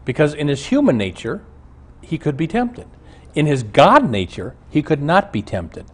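A man's voice: a little high, very animated, normal speed, slightly rough. A man who is a pastor, teaching a Bible lesson on a show and telling stories from his own life in an earnest preaching manner.

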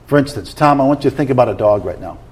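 A man's voice: medium pitch, lively intonation, rapid-fire, slightly rough. A man teaching about prayer in conversation, explaining in an earnest way and often checking that he is followed.

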